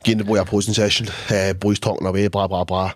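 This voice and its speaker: Scottish guy, young, low voice, sweary storyteller on a casual podcast. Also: level tone, fast talker. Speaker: podcast co-host. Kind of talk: casual chat.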